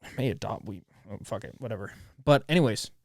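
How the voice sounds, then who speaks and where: A man's voice: on the low side, lively intonation, quick pace, a little mellow, no room sound, studio quality. A man in his twenties hosting a solo podcast, speaking candidly in a rambling, raw way with frequent restarts and swearing. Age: 20s. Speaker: podcast host.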